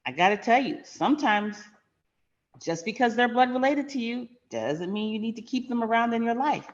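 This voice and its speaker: A woman's voice: a little high, animated, normal speed, lo-fi sound. A middle-aged woman hosting a finance channel, telling a personal story in a frank, emphatic, conversational way.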